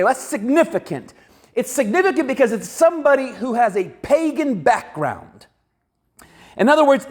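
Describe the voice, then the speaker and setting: A man preaching a sermon in a church, talking in a conversational, animated way and acting out the people he quotes. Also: very high-pitched, breathy edge. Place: church sanctuary.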